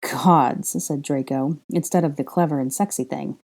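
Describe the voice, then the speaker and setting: Low, mellow-voiced woman narrating a story. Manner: measured, even reading with wry asides. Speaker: fan fiction reader. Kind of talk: audiobook narration.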